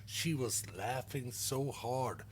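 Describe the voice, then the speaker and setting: A man hosting a comedy show, telling stand-up dad jokes in a halting, casual, profane way, with lots of fillers and loud laughs at his own punchlines. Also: medium pitch, a little hiss or hum.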